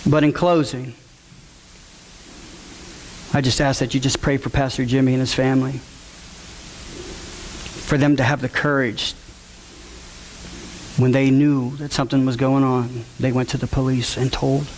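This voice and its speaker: A man's voice: mid-range voice, level tone, a little slow, long pauses, slight background noise. Earnest man giving a heartfelt testimony. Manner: earnest, repeats words for emphasis. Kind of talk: emotional public testimony.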